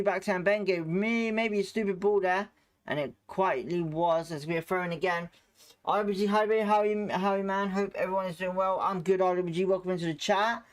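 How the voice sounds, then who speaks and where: A man hosting a live football watchalong who calls the play with excitable reactions and greets chat viewers by name between moments of the match. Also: high voice. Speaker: watchalong host.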